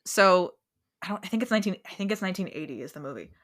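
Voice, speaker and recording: A woman co-hosts a podcast at an easy pace and wanders through her stories with many fillers. Her voice sits a bit low for a woman. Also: rapid-fire. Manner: relaxed, rambling with fillers. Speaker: podcast co-host. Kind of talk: casual podcast chat.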